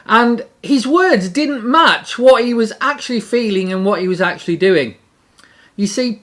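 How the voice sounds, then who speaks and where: A middle-aged speaker giving a devotional talk in an animated way, repeating key phrases for emphasis. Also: medium pitch.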